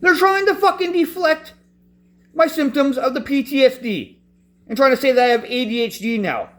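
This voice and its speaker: A man with a noticeably high voice rants in frustration. He swears constantly and keeps breaking off and restarting his sentences as he tells his own story. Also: lively intonation, normal speed, a bit bright. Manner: profane, frustrated, restarts often. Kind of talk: angry personal rant.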